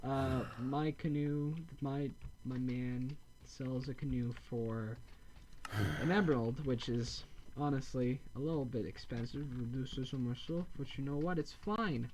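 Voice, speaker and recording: Guy narrating his game, rambly, keeps correcting himself, deadpan jokes. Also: mid-range voice, unhurried, a little hiss or hum. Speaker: gameplay video host. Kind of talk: casual gameplay commentary.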